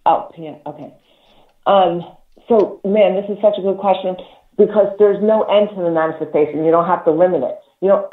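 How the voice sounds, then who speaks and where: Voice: mid-range voice, moderate pace. Spiritual radio host, swears a lot, stumbles and repeats, sounds thin and phone-like in a roomy echo. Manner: profane, emphatic, repeats words, laughs between points. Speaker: spiritual talk show host. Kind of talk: casual spiritual advice talk. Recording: echoey, tinny phone-like line.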